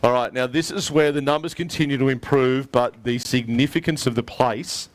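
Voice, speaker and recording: A man's voice: medium pitch, normal speed, no echo. An Australian man emceeing a live prize presentation at an outdoor weigh-in, upbeat and matey as he calls up each winner. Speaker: tournament emcee.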